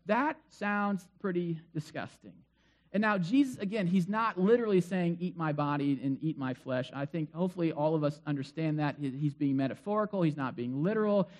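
A man's voice: sits high, expressive, brisk. A male pastor giving a sermon in a chatty storytelling way, full of asides. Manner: conversational storytelling with many asides.

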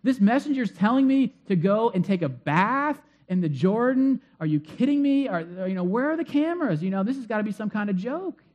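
A man's voice: sits high, very animated, fast, hardly any pauses, darkish tone, muffled recording. A man voicing a proud army commander who is outraged and fires off incredulous questions. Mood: indignant.

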